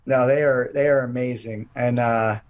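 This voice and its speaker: A man's voice: medium pitch, fairly even intonation, moderate pace, darkish tone. A man guesting on an interview, talking with enthusiasm in long run-on sentences. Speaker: event promoter guest. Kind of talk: casual interview chat.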